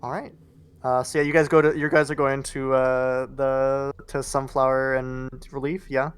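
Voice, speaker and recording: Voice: medium pitch, little pitch movement, normal speed, smooth, dry recording. Hesitant game master narrating. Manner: hesitant, many fillers while narrating.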